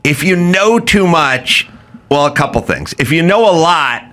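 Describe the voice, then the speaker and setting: Man, podcast host, bright tone, lively pitch, wry rambling opinions, casual chat. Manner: rambling, wry, drawn-out storytelling.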